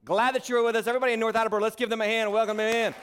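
A pastor with a high, light voice preaches from a church stage. He keeps throwing rhetorical questions at the congregation and slips in playful asides, his delivery lively and conversational. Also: racing, background noise. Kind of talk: sermon. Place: church sanctuary.

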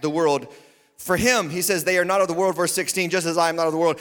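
Pastor, male, high and bright voice, emphatic sermon delivery with loud peaks and hushed asides, long hall reverb. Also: steady tone, fast. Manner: emphatic preaching, swinging from loud declarations to quiet asides, with humor. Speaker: lead pastor. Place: church sanctuary.

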